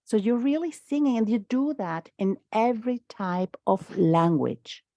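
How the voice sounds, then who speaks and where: A middle-aged woman whose first tongue is gives an academic talk, pausing and restarting often. Her voice sits at a medium pitch. It is recorded dry, with little room sound. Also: creaky, dark tone, dry recording, highs cut off. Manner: halting, many restarts and fillers. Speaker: lecturer. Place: lecture room.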